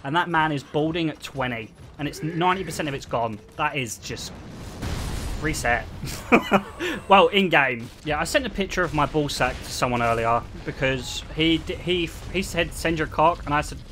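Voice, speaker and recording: A man's voice: on the high side, normal speed, fairly bright tone, a little hiss or hum. A man in his twenties, chatting and joking teasingly with his viewers while streaming a game. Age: 20s. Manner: teasing, joking, often laughing. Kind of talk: casual live-stream chatter.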